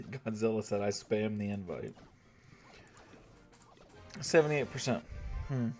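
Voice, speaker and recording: A man's voice: lowish voice, lively intonation, slow pace, darkish tone, soft background music. A young man streaming a strategy game, thinking aloud to his chat and swearing when irritated. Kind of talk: casual gameplay commentary to chat.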